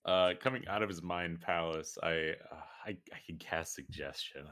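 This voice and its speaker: A man's voice: low-pitched, steady tone, normal speed, few pauses, fairly bright tone. A man playing in a tabletop game, talking in a casual, joking way. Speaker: player. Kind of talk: casual tabletop role-play.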